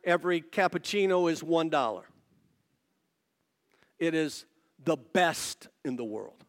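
High-voiced male pastor preaching. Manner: animated storytelling with quick asides to the audience. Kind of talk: sermon. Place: church service before a congregation.

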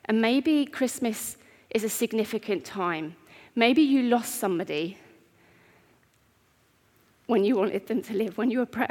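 A woman giving an earnest, heartfelt sermon in a church, with pauses. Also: medium pitch, expressive. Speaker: preacher. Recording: long reverb of a church hall.

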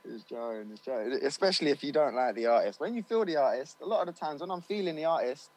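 A studio owner and recording engineer talks loosely in a casual interview, full of slang and fillers like "you know what I mean." His voice is on the high side, a little mellow, and quick. The audio quality is poor.

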